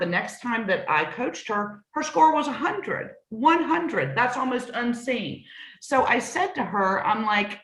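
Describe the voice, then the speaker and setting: A woman's voice: mid-range voice, a bit bright. A middle-aged woman, a new home sales trainer, coaching in an earnest, emphatic conversational way and repeating points for stress. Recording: roomy echoey sound.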